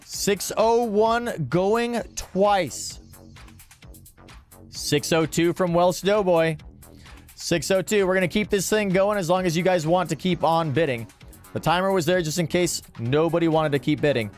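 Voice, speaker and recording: A man's voice: a little high, normal speed. A man hosting a livestream, calling out bids in an auction with rhythmic, repeated phrases and upbeat chatter. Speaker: livestream host running a charity-style auction. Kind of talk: live stream auction calling. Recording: music playing faintly behind. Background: faint background music.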